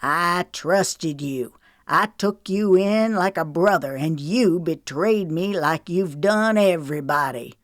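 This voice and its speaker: A woman voicing a menacing older sheriff who speaks softly and maliciously, in an audiobook reading. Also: lowish voice, slow pace, no room sound, clean studio sound. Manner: snarling, malicious.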